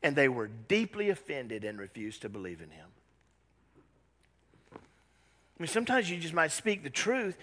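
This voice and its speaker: A man's voice: fairly high pitch, fairly bright tone, long reverb tail. A man preaching a sermon as pastor, dramatic and acting out scenes from the Bible in changing voices.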